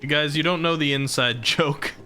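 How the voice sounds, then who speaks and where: Male streamer, chatty and laughing, talks to viewers; bright, punchy tone, soft music underneath. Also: a little high, fairly even intonation, normal speed. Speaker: VTuber streamer. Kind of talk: casual live-stream chat.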